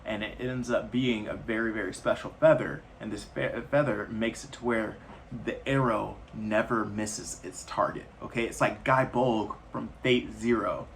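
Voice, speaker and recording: A man's voice: fairly low pitch, steady tone, moderate pace, vocal fry, a little hiss or hum. A man casually retelling a film's plot in a loose, rambling way with slangy asides. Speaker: movie reviewer.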